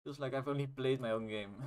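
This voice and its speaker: A man's voice: medium pitch, fairly even intonation, normal speed, a little mellow, clean tone. A young man, not a native English speaker, rambling casually and swearing now and then while he playtests his own game on stream. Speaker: indie game developer streaming.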